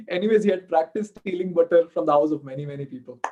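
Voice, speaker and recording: A man with an Indian accent, a temple speaker giving an animated devotional storytelling talk and acting out the characters. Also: a little high, highs cut off.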